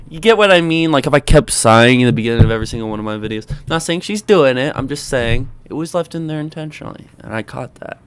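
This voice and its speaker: A man's voice: mid-range voice, fairly quick, clear, resonant tone. A young man hosting a reaction commentary, talking casually, exclaiming and joking with his viewers. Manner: animated, exclaiming, sarcastic asides. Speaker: commentary host.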